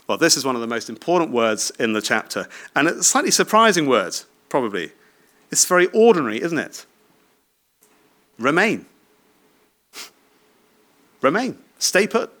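A man in his thirties preaches in an easygoing, conversational way, often turning to the listeners with short tag questions. His voice sits at a middle pitch, and he laughs lightly from time to time. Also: a bit bright. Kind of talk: sermon.

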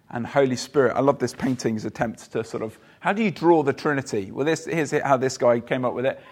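Guy preaching a sermon, mid voice, talks casual with ums, keeps asking the room questions. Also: mid-range voice. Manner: conversational, asks the congregation questions, with fillers.

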